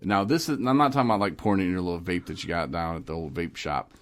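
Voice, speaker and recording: A man with a very low, deep voice hosts a casual podcast. He tells stories in an animated, lively way, laughs often and slips into other voices as he goes. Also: rapid-fire. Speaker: podcast host. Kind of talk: casual recovery podcast chat.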